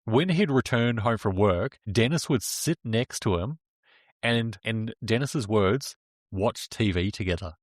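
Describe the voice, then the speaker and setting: A man's voice: mid-range voice, expressive, a little slow, no room sound, clean studio sound. A man co-hosting a casual true-crime podcast, recounting the story plainly. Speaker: podcast co-host.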